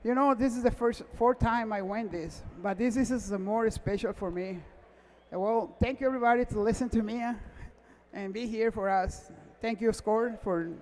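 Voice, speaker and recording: Speaking at an awards gala with his high voice echoing through the hall, this race car mechanic stumbles emotionally through his acceptance speech. He keeps repeating himself in English that isn't his first language, on the verge of crying.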